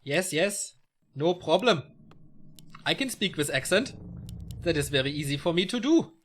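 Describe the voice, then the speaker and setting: A man's voice: fairly high pitch, lively intonation, normal speed, a bit bright, a little hiss or hum. A man putting on a thick mock German accent. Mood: mock-earnest. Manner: exaggerated, stiff broken phrasing.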